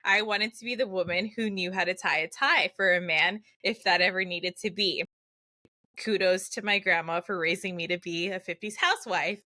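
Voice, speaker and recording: Woman co-host, bright voice, gushing, giggly, casual podcast chat. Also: on the low side, steady tone, moderate pace.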